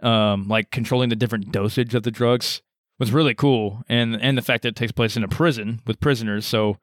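A man co-hosting a podcast, chatting casually about a movie in an easygoing, halting way. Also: mid-range voice, fairly even intonation, no room sound, clean studio sound. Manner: easygoing, halting, restarts often. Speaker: podcast co-host. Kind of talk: casual movie review chat.

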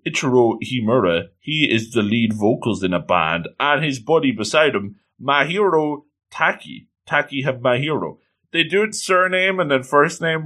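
A man's voice: medium pitch, bright, forceful tone. A man recapping an anime episode in a playful, exclamatory casual commentary.

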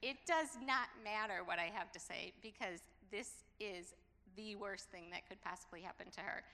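A middle-aged woman telling a personal story in a sermon, acting out the dialogue with lively emphasis. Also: mid-range voice, normal speed. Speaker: preacher. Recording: long hall reverb.

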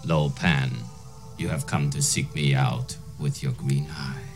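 An actor playing an ancient cursed sorcerer in a film clip, whispery and cackling. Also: male voice, extremely low pitch, fairly even intonation, a little slow. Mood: eerie. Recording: film clip with loud music.

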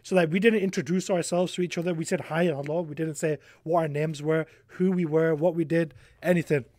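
A young man, a podcast guest, telling a rambling, animated story in casual chat, swearing freely. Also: a little high, brisk, no room sound.

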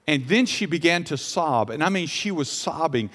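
High-voiced preacher with lilt, echoing hall. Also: male voice, lively intonation, normal speed. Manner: swings from loud preaching to quiet storytelling. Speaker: pastor. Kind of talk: sermon. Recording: long reverb of a large hall.

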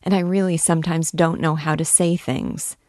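A woman reading the lines of a timid, earnest young girl who speaks softly and hesitantly. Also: low-pitched, fairly even intonation, moderate pace, dry recording, studio quality, natural voice. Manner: soft, hesitant, heartfelt.

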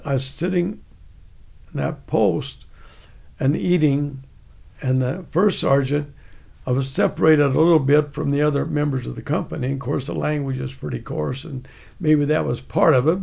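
A man's voice: fairly high pitch, a little mellow. An older man, an army veteran guest, telling rambling stories from memory with many restarts. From United States. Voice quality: gravelly, raspy. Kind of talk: casual storytelling.

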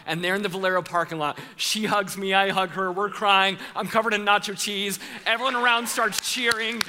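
A man preaching a sermon, telling a story with animated voices for the people in it and calling out to the congregation. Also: sits high, brisk, hardly any pauses, long reverb tail. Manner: playful with the congregation, calls for responses. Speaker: pastor.

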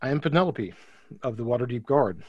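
A man's voice: medium pitch, animated, a little fast, husky, no room sound, lo-fi sound. Man voicing a clumsy female griffin rider. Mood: brisk.

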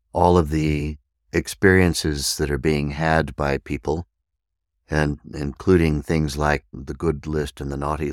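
A man hosting a podcast and teaching meditation, speaking deliberately and spelling out words letter by letter. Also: a bass voice, no echo, studio quality.

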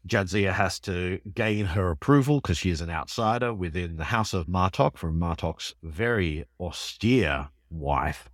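Enthusiastic low-voiced man, dry sound. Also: unhurried, hardly any pauses, dry recording. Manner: enthusiastic, animated storytelling with laughs. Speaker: podcast co-host. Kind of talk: casual chat recapping an episode.

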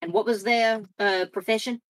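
A woman's voice: mid-range voice, fairly even intonation, moderate pace, dry recording. A woman player at a tabletop game, casually recapping everyone's characters.

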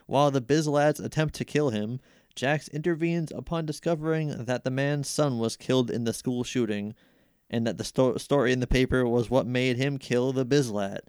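Man with a clear, smooth voice. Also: mid-range voice, normal speed, darkish tone, dry recording, studio quality. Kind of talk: casual chat summarizing plot.

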